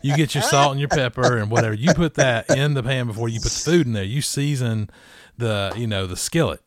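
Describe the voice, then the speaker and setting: A man's voice: mid-range voice, fairly quick, no echo. A man, hosting a casual chat and telling stories with laughs and restarts. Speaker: podcast host.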